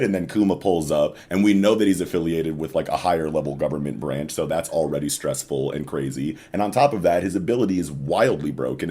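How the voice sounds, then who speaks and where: A man on a casual podcast, excitedly retelling a story and dropping into low murmurs. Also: slightly rough. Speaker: podcast co-host.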